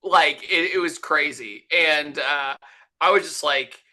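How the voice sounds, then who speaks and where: A man's voice: a little high, slow, poor audio. A man guest on a motoring podcast, telling a story in casual chat and acting out the people in it. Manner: animated, acts out quotes in his story.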